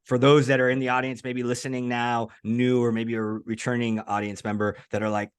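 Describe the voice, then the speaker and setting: A man's voice: fairly quick, clean tone. Guy hosting a podcast, chatty, voice jumps all over, keeps restarting himself. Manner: animated, swooping pitch, frequent self-restarts. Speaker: podcast host. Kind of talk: casual interview chat.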